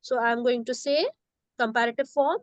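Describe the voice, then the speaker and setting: A fairly high-pitched woman speaking at normal speed teaches an English grammar class, captured in lo-fi sound without echo. She's patient and repetitive, repeating words, often checking understanding with "okay?", and moving into Hindi at times.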